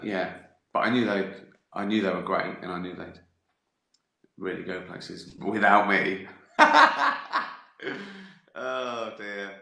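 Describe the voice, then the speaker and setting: A low-voiced comedian, pushed and bright in tone, takes viewer questions on a casual livestream with roomy sound. He wanders through jokes, swears liberally and laughs at what he says.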